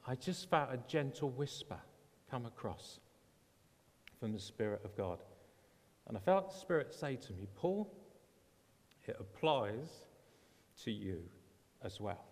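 A pastor preaches a sermon, earnestly retelling a story and quoting the voices of the people in it. His voice is medium-pitched and a little mellow, and the recording carries a long hall reverb.

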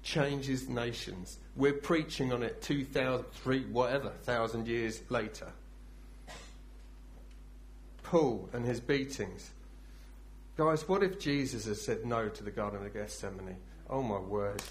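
A man preaching a sermon, acting out scenes dramatically and swinging from loud bursts to hushed, intense speech. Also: mid-range voice, a little slow, slight background noise.

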